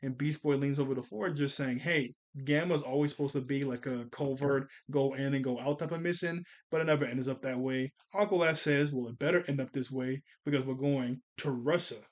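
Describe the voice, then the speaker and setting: A man's voice: medium pitch, fairly even intonation, fairly quick, few pauses. A man recapping a cartoon episode in casual, rambling talk, correcting himself and tired from a long day of recording. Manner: rambling, self-correcting, acts out character lines in a raised voice. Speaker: show reviewer.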